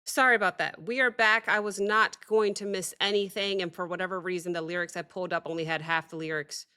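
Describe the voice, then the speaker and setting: A woman hosting a music reaction video, talking casually and excitably, often apologizing and thinking out loud. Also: lowish voice, fast, clean tone.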